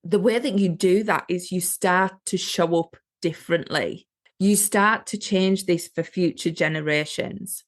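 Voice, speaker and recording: A woman's voice: on the low side, a little slow. A woman hosting a solo podcast, speaking earnestly and motivationally to her listeners as a business coach.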